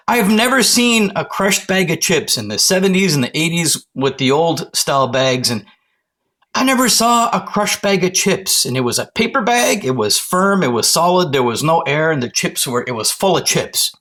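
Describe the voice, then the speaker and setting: A man's voice: high-pitched, expressive, moderate pace, bright, forceful tone. Give me a middle-aged man from the Toronto area ranting to camera, exasperated and swearing. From Canada, Toronto area. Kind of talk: profane comic rant.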